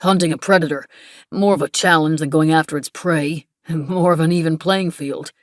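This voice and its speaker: A woman's voice: low voice, fairly even intonation, normal speed, dry recording, studio quality, natural voice. A woman voicing a polite, smug middle-aged man with an American accent, speaking in an easygoing, dismissive way.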